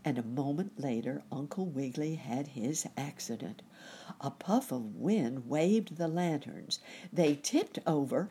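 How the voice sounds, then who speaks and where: A woman storyteller reading a children's story aloud in a gentle, expressive way. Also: low-pitched, a little slow, husky.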